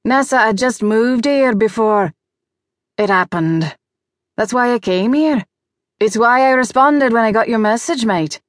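A woman's voice: on the high side, animated, measured pace, dry recording, voice pushed up. A woman narrating an audiobook, voicing a grieving, bitter male ghost who is a father. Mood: weary. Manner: bitter, insistent. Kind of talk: audiobook character voice.

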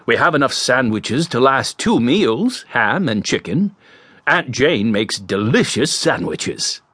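A male audiobook narrator voicing a kindly elderly grandfather who speaks calmly and in a measured way. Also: mid-range voice, husky, no echo, heavily acted. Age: over 60. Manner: calm, measured, gently teasing. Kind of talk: audiobook character voice.

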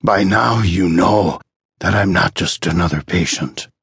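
A man's voice: low voice, measured pace, a bit bright, breathy edge, no echo, clean studio sound, exaggerated voice. A man voicing a frantic old male patient who pleads urgently in an audiobook.

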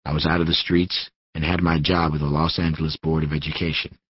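A man with an extremely deep, husky voice narrates a first-person crime story in a measured, wry way. The recording is dry and close, with a slightly muffled top end. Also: little pitch movement, no echo. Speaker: audiobook narrator. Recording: slightly dull, dry studio audiobook recording.

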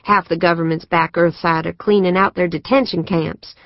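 A woman doing a gruff West Texan big sister. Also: on the low side, steady tone, normal speed, dry recording, natural voice. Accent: West Texas. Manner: blunt, grumbling, folksy cursing. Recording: dry, slightly muffled studio recording.

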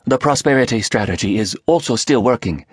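A man voicing a male conspirator with a Korean accent, talking in a rapid-fire manner. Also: medium pitch, expressive, slightly rough, no room sound, studio quality, voice pushed up. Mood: brisk.

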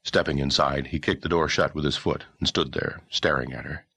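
A man narrating a historical novel audiobook in a measured, expressive storytelling manner. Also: a bass voice, vocal fry, husky, no room sound. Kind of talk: scripted narration.

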